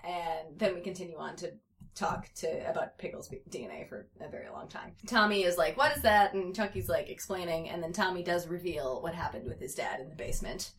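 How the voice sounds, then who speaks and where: A woman's voice: on the low side, fairly quick. A young adult woman hosting a casual comic podcast, reading fan fiction aloud with giggly, sarcastic asides. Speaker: podcast host.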